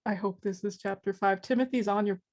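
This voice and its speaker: A woman's voice: mid-range voice, fairly even intonation, brisk, darkish tone. A woman co-hosting a casual podcast, often laughing through her words and swearing freely as she reads quotes from a book. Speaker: podcast co-host.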